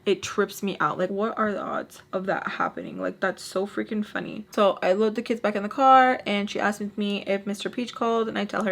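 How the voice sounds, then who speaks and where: A woman's voice: mid-range voice, steady tone, fairly quick, creaky, hardly any pauses, a little hiss or hum. A young woman telling a casual storytime, chatty and exasperated, with lots of "like" and the odd Spanish phrase dropped in. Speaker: storytime vlogger.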